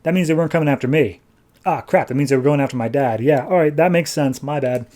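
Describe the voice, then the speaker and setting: A man voicing an impulsive young male hero in a comic-book recap, with hurried, offhand delivery. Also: fairly high pitch, dark tone, lightly acted. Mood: sheepish.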